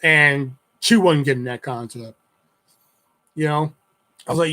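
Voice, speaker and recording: Young male streamer, slightly high voice, loose rambling storyteller who swears a lot. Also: measured pace, sharp tone, low-quality recording. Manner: swears freely, rambling retelling with many fillers. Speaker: livestreamer. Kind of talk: casual storytelling to a live chat.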